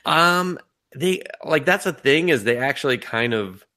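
A young man co-hosting a podcast in casual chat, rambling and animated, laughing often and swearing freely. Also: on the high side, a little slow. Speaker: podcast co-host.

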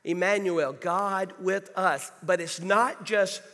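Male pastor, high bright voice, emphatic sermon delivery, church hall reverb. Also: slow. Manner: emphatic, calls for congregation responses. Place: church sanctuary.

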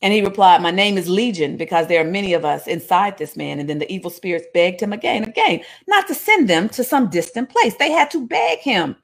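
A woman preaching a sermon, reading scripture and retelling it in a lively, joking, casual way. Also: on the low side, a little fast, few pauses. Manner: animated storytelling, jokes and voices, casual asides.

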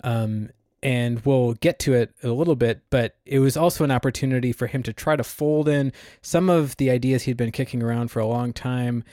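A man's voice: mid-range voice, darkish tone, dry recording, clean studio sound. A man co-hosting a podcast, chatting enthusiastically about a film, with plenty of "um" and "uh" as he thinks aloud. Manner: enthusiastic, hedging with fillers. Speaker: podcast co-host. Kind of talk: casual film discussion.

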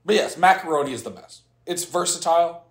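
A man's voice: fairly high pitch, animated, fairly quick. A man co-hosting a casual podcast, laughing often and teasing his friends with crude jokes. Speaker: podcast co-host ranking pastas. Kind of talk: casual banter.

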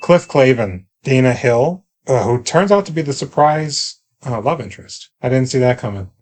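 A man's voice: mid-range voice, lively intonation, moderate pace, a little mellow. A man co-hosting a podcast, chatting casually and wryly about a movie, often restarting his sentences. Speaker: podcast co-host. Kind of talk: casual movie review chat.

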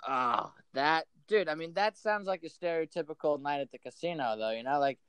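Young guy cohosting, smooth clear voice, asks lots of follow-ups, dry sound. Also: fairly high pitch, brisk, a bit bright, no echo. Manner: reactive, asks follow-up questions, laughs along. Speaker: podcast co-host. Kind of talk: casual chat.

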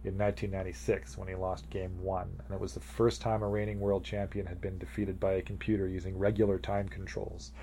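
Male podcast co-host, casual rambling chat, low voice. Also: level tone, fairly quick, gravelly, few pauses, dark tone, slight background noise. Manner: rambling, laughs often, retells scenes animatedly.

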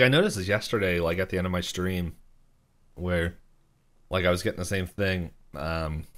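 A man's voice: low-pitched, fairly bright tone. A young man co-hosting a podcast, recapping a cartoon episode in a loose, rambling way, filling with "like" and acting out characters' lines. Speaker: podcast co-host.

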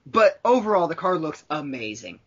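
A man's voice: on the high side, very animated, normal speed, muffled recording, crowd noise. A man co-hosting a podcast in casual chat, rambling and swearing, with lots of fillers. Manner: rambling, profane, with frequent fillers. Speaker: podcast co-host.

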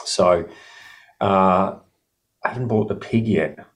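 Man, middle-aged, low pitch, rambling, self-correcting, casual chat. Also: slow.

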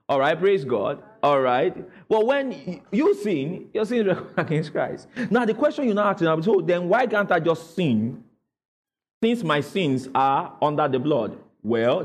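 This is a pastor preaching in church, urging the congregation to echo his words and read aloud in call-and-response fashion. His voice is high, and the sound carries the space of a large hall.

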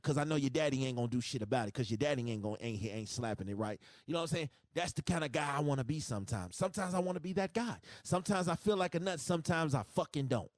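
A man's voice: a little high, dry recording, clean studio sound. Profane, emphatic man ranting solo. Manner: profane, emphatic, repetitive rant. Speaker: podcast host. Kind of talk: solo podcast rant.

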